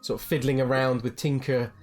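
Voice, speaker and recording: A woman's voice: rumbling low, fairly even intonation, a little fast, a little mellow, faint music behind. A woman running a tabletop game as the game master, describing scenes in a casual, rambling way. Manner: casual, lots of fillers and restarts, laughs while describing. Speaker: dungeon master.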